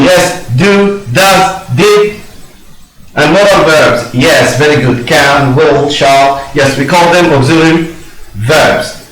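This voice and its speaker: A male teacher speaks very slowly in a slightly high voice, leaving long pauses and filling them with "yes" and "very good". The sound is roomy and echoing, like a bare classroom. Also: fairly bright tone. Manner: slow, coaxing, answers his own prompts with "yes". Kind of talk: classroom lesson explanation. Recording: roomy echo.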